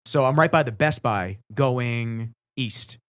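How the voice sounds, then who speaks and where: A man hosting a podcast, telling stories casually in a fast, animated way and swearing freely. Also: mid-range voice, smooth, no echo. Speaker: podcast host. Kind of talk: casual storytelling.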